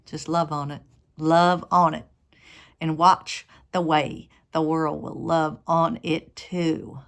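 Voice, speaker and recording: A woman's voice: low voice, level tone, takes it slowly. A woman voicing a folksy Southern man with a Southern US accent who gives humorous wisdom in a motivational monologue, repeating encouraging phrases. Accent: Southern US, Tennessee-like.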